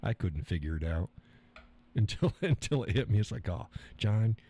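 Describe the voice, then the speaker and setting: A man's voice: fairly low pitch, sing-song, moderate pace, mellow, breathy edge. A man hosting a live stream, rambling and chuckling as he reads viewer comments. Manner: chuckling, rambling, joking with profanity. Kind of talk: casual chat reading viewer comments.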